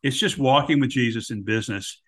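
A man speaks as a podcast guest in a voice of middling pitch. He talks reflectively, keeping his phrasing simple and plain. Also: fairly quick, a bit bright.

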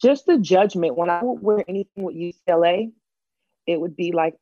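A woman in her thirties from Los Angeles, telling her story as an interview guest, animated and acting out other people's lines. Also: lowish voice, a little fast, no room sound, dull audio, soft background music.

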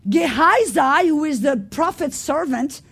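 A woman preaching a sermon, telling the story by acting out the characters' voices and moving from quiet asides to loud exclamations. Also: high voice, lively intonation, unhurried, vocal fry.

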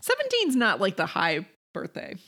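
A woman's voice: medium pitch, wildly swooping pitch, moderate pace, sharp tone. A woman co-hosting a podcast in casual chat, laughing often and agreeing readily. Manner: giggly, agreeable. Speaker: podcast co-host.

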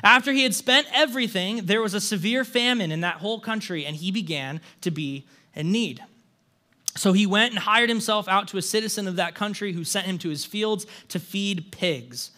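Reading a scripture story and then speaking to his congregation, this young pastor sounds earnest and conversational, restarting sentences and adding "right?" asides. His voice sits high, pushed and bright.

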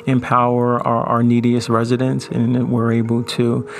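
Flat, gravelly man legislator. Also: medium pitch. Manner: earnest, halting with repeated words. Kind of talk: speaking in an interview.

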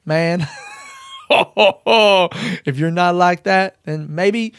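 A man's voice: high-pitched, very slow, a bit bright, clean tone, no room sound, clean studio sound, voice pushed up, heavily acted. A man doing a drawling laid-back celebrity impression.

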